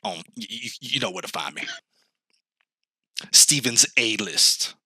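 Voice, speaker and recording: A man doing an emphatic, preachy impression of a ranting television sports pundit, dropping his voice low. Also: expressive, unhurried, sharp tone, slightly rough, no room sound, heavily acted.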